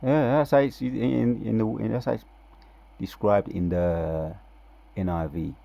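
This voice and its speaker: A man giving casual religious commentary, reading scripture aloud with loud, drawn-out emphasis between relaxed, slangy asides. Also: on the low side, gravelly, dull audio. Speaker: religious video preacher.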